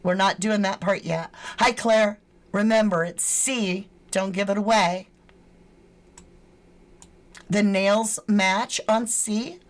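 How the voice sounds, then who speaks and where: Slow-talking woman hosting a livestream. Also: medium pitch, fairly even intonation. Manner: chatty, greets viewers and reads chat names aloud; swears casually. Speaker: true crime channel host. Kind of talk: casual livestream chat.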